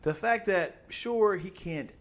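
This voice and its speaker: A man's voice: sits high, takes it slowly. A man co-hosting a podcast, chatting casually and acting out quotes in put-on voices. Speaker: podcast co-host. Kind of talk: casual chat.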